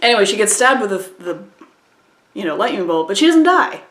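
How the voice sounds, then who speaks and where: A woman's voice: mid-range voice, very animated, a little fast, a bit bright. A woman giving a casual, exasperated movie review, stumbling over restarts and acting out quoted lines. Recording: echoey room.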